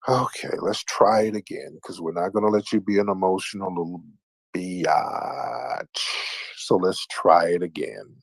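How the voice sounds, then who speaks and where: A man's voice: sits low, unhurried, gravelly, no echo. A man hosting a late-night livestream call-in show, teasing and taunting his callers in a mocking sing-song way. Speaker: livestream host. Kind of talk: casual call-in banter.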